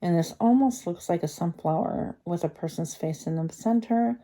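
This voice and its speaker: A woman reads tarot cards for her viewers in a relaxed, rambling way, stopping often to think aloud. Her voice sits a little low and sounds very mellow and dark. Her speech is slightly slurred by a retainer in her mouth. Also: normal speed. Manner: chatty, rambling, thinking aloud with many fillers. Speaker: tarot card reader. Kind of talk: pick-a-card tarot reading.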